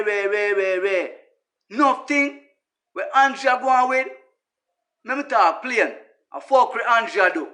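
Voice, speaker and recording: Man, Jamaican accent, patois, high pitch, casual ranting monologue, emphatic, repetitive. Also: sharp tone. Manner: emphatic, repetitive, addresses listeners as brother. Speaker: social media personality.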